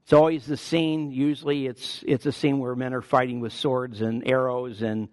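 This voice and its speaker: A man in his sixties preaching a sermon as a pastor, conversational with personal asides, leaping up in pitch and volume to stress key words. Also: little pitch movement, moderate pace, darkish tone, no echo, clean studio sound.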